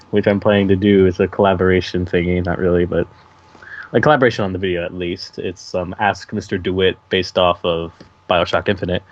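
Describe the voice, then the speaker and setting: A man's voice: low voice, lo-fi sound. A man chatting as a guest voice actor in a casual interview, rambling with many fillers. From California.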